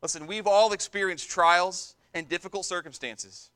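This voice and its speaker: Male pastor, sermon delivery, bright and high-pitched, emphatic and repetitive. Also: fairly even intonation, normal speed, clean tone. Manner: emphatic preaching, repeats words for stress.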